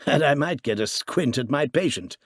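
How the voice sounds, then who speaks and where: A male audiobook reader voicing a hearty, jolly doctor who scoffs at talk of magic, brisk and boisterous. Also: mid-range voice, lively intonation, no room sound, studio quality, voice pushed up, natural voice. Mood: jovial, dismissive.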